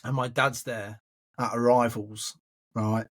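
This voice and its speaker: Husky English man telling stories. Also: mid-range voice, flat delivery, slow, fairly bright tone. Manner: chatty, keeps addressing the listener as mate. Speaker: podcast host telling his story. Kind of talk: casual storytelling chat.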